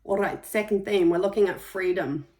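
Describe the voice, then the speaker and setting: A woman talks through a monthly intuitive energy reading in a gentle, unhurried way. She pauses softly between her thoughts, and her voice sits at an ordinary middle pitch for a woman. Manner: gentle, reflective, with soft pauses. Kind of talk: spiritual monthly reading, casual monologue.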